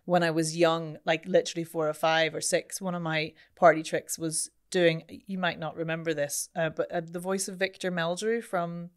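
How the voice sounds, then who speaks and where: A woman who works as a voice coach and voiceover artist, talking through her craft in a relaxed interview. Her voice sits a little low for a woman and has a polished, microphone-trained sound. She speaks articulately and expressively. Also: moderate pace, hardly any pauses. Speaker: voice coach and podcast guest. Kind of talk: conversational interview answers.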